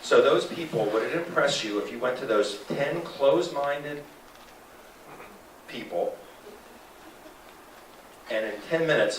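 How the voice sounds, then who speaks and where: A man giving an animated sales presentation to a live audience, asking the room questions. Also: mid-range voice, slow, long pauses, slight background noise. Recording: echoey room from a distance.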